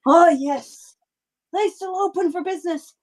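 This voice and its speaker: A woman's voice: very high-pitched, measured pace, a little mellow, pitched above the performer's own voice, poor audio. Woman doing a rambling old cart driver. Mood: chatty. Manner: rambling, hesitant, full of fillers. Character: chatty old male cart driver, coughing.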